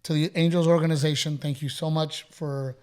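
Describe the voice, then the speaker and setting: A man with a fairly high pitch and a darkish tone hosts a podcast, talking briskly with fairly even intonation. He's Texan, and in casual chat he tells stories, quoting other people and laughing a lot.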